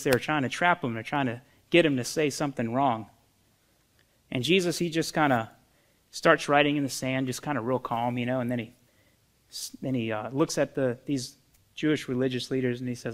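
A man's voice: medium pitch, normal speed, fairly bright tone. Earnest conversational male preacher. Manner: conversational, earnest, repeats words. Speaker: pastor. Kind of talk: sermon.

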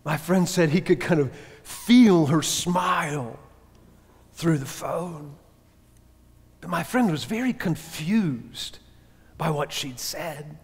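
A male pastor preaching a sermon, telling a story earnestly, with sudden emphatic rises and hushed drops. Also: a little high, slow pace, breathy edge. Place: church. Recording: echoey church hall reverb.

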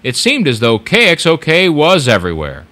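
A man giving polished, expressive scripted documentary narration. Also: on the high side, normal speed.

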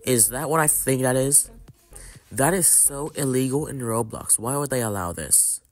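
A young man runs through a game role-play skit, hopping between characters with quick, exclaiming reactions. His voice sits at a plain, middle pitch for a man. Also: soft background music. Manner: exclaiming, rapid reactions of disbelief. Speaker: gaming YouTuber.

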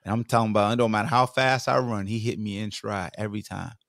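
A man in his forties from Virginia, a podcast guest casually telling animated stories about his football days. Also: fairly low pitch, fast talker, gravelly, dry recording, clean studio sound. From Virginia, USA. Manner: animated, acts out other people's lines. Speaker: guest, former football player. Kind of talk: casual storytelling.

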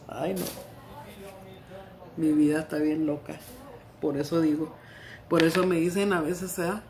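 A woman's voice: lowish voice, fairly even intonation, fairly quick. A middle-aged woman vlogger chatting casually while eating, telling stories in a salty, profane, giggly way.

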